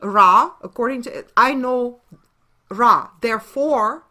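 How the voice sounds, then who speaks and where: A woman's voice: on the high side, slow, bright, forceful tone. A woman with a Russian accent, a native Russian speaker, giving a webinar lecture on word origins. She talks emphatically and keeps posing rhetorical questions, then answering them herself. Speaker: webinar presenter.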